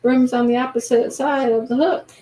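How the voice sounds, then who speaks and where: A woman's voice: sits high, fairly even intonation, normal speed, warm tone, low-quality recording. A woman hosting a casual crochet-along livestream, gushing over her work and thinking aloud as she follows along.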